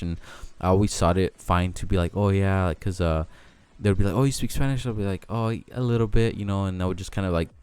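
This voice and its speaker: A man's voice: sits low, darkish tone, clean tone. A young man with a Mexican American accent, rambling casually in a vlog, interrupting himself and swearing now and then. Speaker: vlogger.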